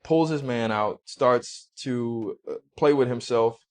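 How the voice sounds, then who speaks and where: A man recounting a personal story as an interview guest, halting and restarting often. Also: medium pitch.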